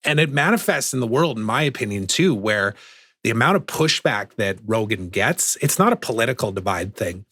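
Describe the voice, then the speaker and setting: Male podcast host, low and husky, eager conversational interviewer. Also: animated, moderate pace, a bit bright, no echo, clean studio sound. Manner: enthusiastic, laughs often.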